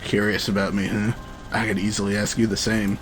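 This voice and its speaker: Dude doing a smooth deep young guy, hushed and calm, game character. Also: brisk, faint music behind, lightly acted. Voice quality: deep and soft.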